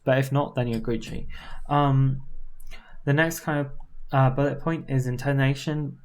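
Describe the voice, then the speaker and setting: A woman voice coach giving a casual, informal lesson, often tagging her points with a quick question and trying out demonstration voices. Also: extremely low pitch. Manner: relaxed and informal, with frequent fillers and tag questions.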